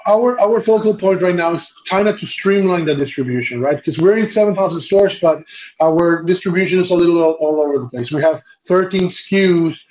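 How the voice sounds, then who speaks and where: A man's voice: high voice, brisk, a little mellow. A man being interviewed over a video call as an entrepreneur guest, talking casually with many fillers and restarts. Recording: dull lo-fi audio.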